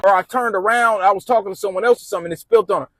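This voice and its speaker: A man's voice: high voice, very fast, fairly bright tone, soft background music. A man telling a rambling personal story casually, repeating and restarting phrases as he goes.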